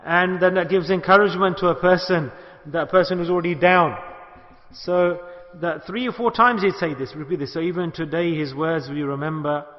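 A high-pitched middle-aged man from the UK preaches a sermon, acting out quoted lines and urging his listeners on. His voice trails off in a long hall reverb, and the recording sounds dull and lo-fi. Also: normal speed. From United Kingdom. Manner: storytelling, acts out quoted speech, exhorting. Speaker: Sufi sheikh giving a talk.

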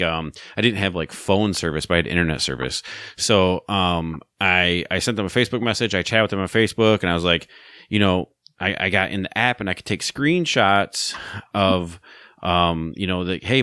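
A man's voice: lowish voice, a bit bright, dry recording, studio quality. A man hosting a podcast, telling a story in a casual, rambling way with many fillers and restarts. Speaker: podcast host.

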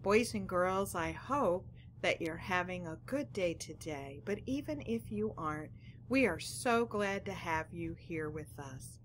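A woman teacher giving a phonics lesson, speaking gently and directly to young children. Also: lowish voice, expressive, unhurried, slight background noise.

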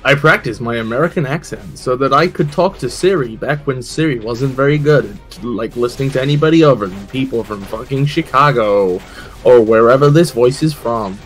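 A man riffing over a gameplay stream in crude, rambling jokes and playful teasing. His voice sits in an ordinary middle pitch, with faint game music behind him. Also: brisk. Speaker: streamer, co-host. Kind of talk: casual chat over gameplay.

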